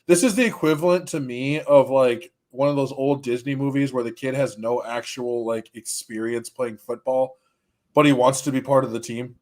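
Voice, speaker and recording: A man's voice: medium pitch, normal speed. Joking man co-hosting a casual chat. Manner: joking, animated, full of acted-out quotes. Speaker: co-host of a ranking video.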